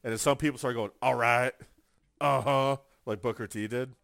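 A man's voice: medium pitch, normal speed, vocal fry, no room sound. A man co-hosting a casual chat show, telling stories with energy and acting out other people's lines. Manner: animated storyteller, acts out quotes. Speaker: podcast co-host.

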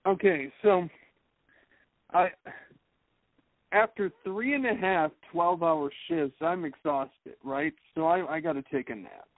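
Male co-host, wry and animated storyteller, fairly high voice, phone-like audio. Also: a little slow, pauses often, no echo. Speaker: podcast co-host. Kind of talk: casual podcast chat. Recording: narrow phone-like sound, dry.

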